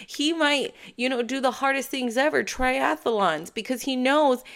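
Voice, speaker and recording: A woman's voice: high voice, a little slow, hardly any pauses. Woman vlogger hyping you up, punchy and emphatic, acts out her own head voice, sure of herself. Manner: animated, emphatic, acts out her inner thoughts; self-assured. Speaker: motivational vlogger. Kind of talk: casual motivational talk.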